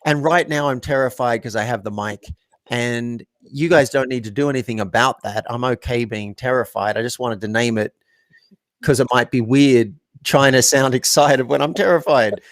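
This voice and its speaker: A man on an interview, reflective and story-driven, slipping into quoted exchanges as he explains his ideas. His voice sits in an ordinary middle pitch. It is recorded close and dry, with no room sound. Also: moderate pace, no echo. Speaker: guest, coach. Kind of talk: conversational interview.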